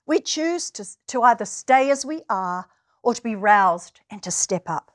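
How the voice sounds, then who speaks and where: A woman's voice: mid-range voice, moderate pace. A woman from New Zealand preaching a sermon, earnest, and building to emphatic, stirring passages. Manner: earnest, rises to emphatic exclamations.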